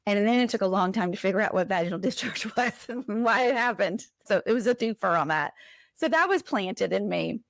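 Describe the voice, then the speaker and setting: A woman guest on a podcast, telling a personal story in an animated, conversational way. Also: medium pitch, brisk, creaky, no room sound, studio quality. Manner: animated, acts out quoted voices.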